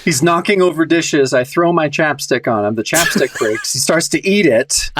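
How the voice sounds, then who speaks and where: A man co-hosting a casual comics podcast, lively and quick to laugh, cursing freely. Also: on the high side, background noise. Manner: lively, quick to laugh, swears at his cat. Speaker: podcast co-host.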